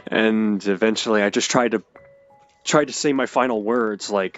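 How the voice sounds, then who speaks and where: A young man telling an emotional personal story, halting and hesitant with many restarts. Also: fairly low pitch, no room sound, dull audio, faint music behind. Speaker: video creator.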